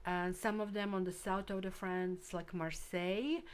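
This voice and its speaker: A woman's voice: on the low side, level tone, normal speed, clean tone. A woman hosting a live tarot stream, chatting casually with viewers and thinking aloud while she works.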